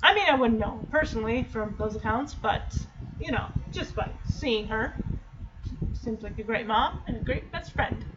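A woman giving a casual, chatty recap of a TV episode, slipping into quick bits of the characters' lines. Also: fairly high pitch. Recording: dull lo-fi with steady noise.

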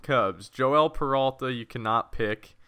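Bright, crisp young man leading the talk. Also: medium pitch, unhurried, no room sound. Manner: teasing, steers the segments. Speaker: podcast co-host. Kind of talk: casual sports chat.

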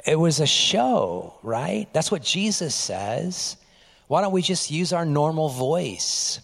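A male pastor giving a lively, conversational sermon, often dropping to quiet asides. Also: fairly high pitch, slow pace, vocal fry, in a large hall.

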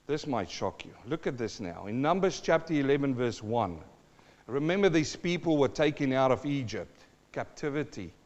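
A man's voice: mid-range voice, sing-song, normal speed, a little mellow, big-room sound, dull audio. A middle-aged man preaching a sermon to a congregation, dramatic, asking questions and acting out sounds and voices. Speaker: pastor.

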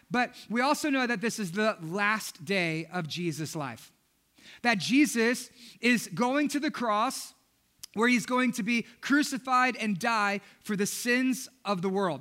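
A man preaching a sermon as pastor, with energetic, repetitive emphatic delivery. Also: sits high.

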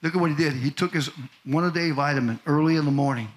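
A male pastor preaching a sermon to a congregation, building from calm talk to loud shouted peaks. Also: a little high, fast. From Missouri. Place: church in front of a congregation.

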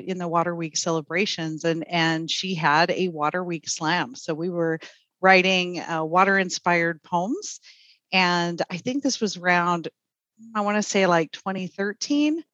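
A woman poet on a radio show, chatting with many fillers and then reading a poem in a smooth, deadpan way. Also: on the low side, unhurried, no echo, dull audio. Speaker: poet, festival guest. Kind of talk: casual radio chat and poetry reading.

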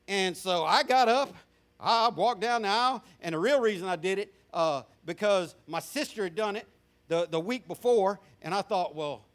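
A man's voice: high-pitched, big pitch swings, fairly quick, fairly bright tone. A middle-aged man with a Southern US accent, a pastor telling his testimony in a folksy sermon with frequent restarts. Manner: folksy storytelling with repeated restarts. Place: church sanctuary with congregation.

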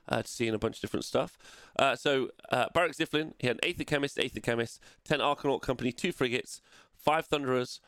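A man's voice: medium pitch, gravelly, a bit bright, dry recording, clean studio sound. A man hosting a show and casually running through tournament results, rambling with lots of fillers and self-corrections. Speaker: host.

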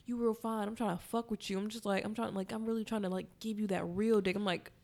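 A woman co-hosting a podcast in casual chat, frank and affirming and quick to laugh. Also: mid-range voice, fairly even intonation, a little mellow. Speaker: podcast co-host.

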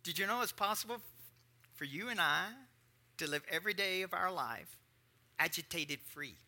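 Bright-voiced preaching man. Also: high voice, expressive, normal speed. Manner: emphatic preaching with joking asides. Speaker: pastor. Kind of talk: sermon.

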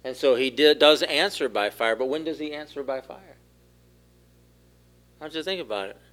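A man giving a sermon as pastor, asking the congregation questions and growing louder at the key points. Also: medium pitch, moderate pace. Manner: asks the room questions, rises in force for key points. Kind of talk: interactive sermon.

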